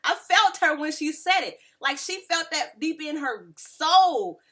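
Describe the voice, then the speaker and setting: A woman, casually recapping a reality show and acting out quotes with lively voices. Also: high voice, a little slow. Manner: animated, mimics people in quotes. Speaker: reality TV reviewer.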